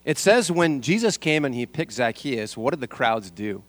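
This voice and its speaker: A man's voice: mid-range voice, very animated, moderate pace, a bit bright. A man preaching a sermon as a pastor, asking the congregation rhetorical questions and repeating his key lines.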